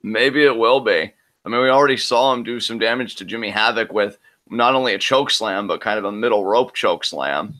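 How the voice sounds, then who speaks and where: A man's voice: fairly low pitch, a little fast, hardly any pauses, bright, forceful tone. A man co-hosting a live reaction show, breaking down what he watches and making predictions with many "I mean"s. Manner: analytical, talks through predictions with many "I mean"s. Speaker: co-host of a wrestling reaction show.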